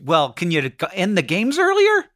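A man's voice: high voice, huge pitch swings, a little slow, a bit bright, dry recording, studio quality. A man co-hosting a podcast, chatting in a musing, playful way with many fillers. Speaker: podcast co-host. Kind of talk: casual chat.

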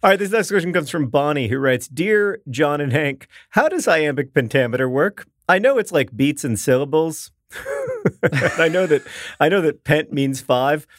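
A man's voice: a little high, expressive, normal speed, no echo. Wry rambling man, dry studio sound. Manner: wry, rambling, laughs easily. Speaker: podcast co-host. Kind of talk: casual chat.

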